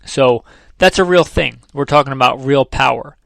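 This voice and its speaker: A man's voice: medium pitch, moderate pace, creaky, fairly bright tone, poor audio. A man, a firearms trainer, talking through a casual instructional lesson in a conversational way, repeating key figures and dropping dry sarcastic asides.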